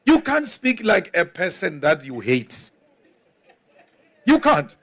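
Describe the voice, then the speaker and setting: A man's voice: high-pitched, huge pitch swings, a little slow, a bit bright. A man from Africa, giving an emphatic, rousing political speech with mocking asides. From South Africa.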